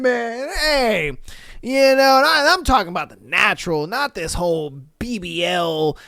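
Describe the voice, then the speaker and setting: A young man hosting a podcast in a casual, slangy way, laughing often and swearing freely, with a fairly high voice that has a little depth. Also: dry recording, clean studio sound. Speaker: podcast host. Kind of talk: casual podcast chat reading listener answers.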